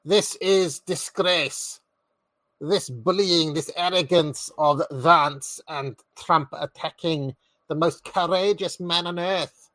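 A man voicing an indignant male European politician in a made-up generic foreign accent, declaiming slowly. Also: a little high, a bit bright, no room sound.

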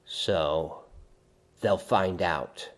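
A man's voice: low-pitched, extremely slow. A man hosting a livestream, reading chat aloud in casual talk, wry and rambling, often laughing at his own jokes.

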